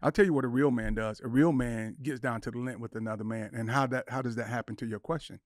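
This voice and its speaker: A man's voice: medium pitch, fairly even intonation, quick pace, no echo, clean studio sound. Earnest older man telling stories. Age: 60s. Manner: earnest storytelling, acts out quoted dialogue. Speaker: podcast guest. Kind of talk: casual podcast conversation.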